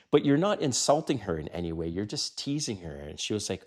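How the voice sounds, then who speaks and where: A man's voice: low-pitched, animated, brisk. An older man coaching other men on dating, blunt and direct, full of rhetorical questions. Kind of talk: direct-to-camera advice talk.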